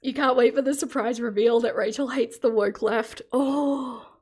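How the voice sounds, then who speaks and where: A woman's voice: on the high side, fairly even intonation, moderate pace, darkish tone, breathy edge. A middle-aged Australian woman chatting casually on a live stream, reading out chat comments and laughing often.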